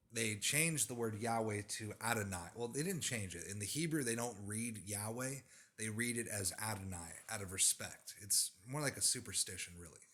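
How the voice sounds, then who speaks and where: A man's voice: fairly low pitch, sharp tone. A man delivering an emphatic religious monologue, insistent and lecturing, repeating his points for emphasis. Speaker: religious commentator.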